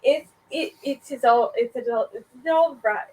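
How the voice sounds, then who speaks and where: A woman's voice: sits high, lively intonation, slow, distant mic, poor audio. A woman voicing a theatrical male vampire boss who is glittery and eager, with a wobbling put-on accent. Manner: unsure wobbling accent, giggly.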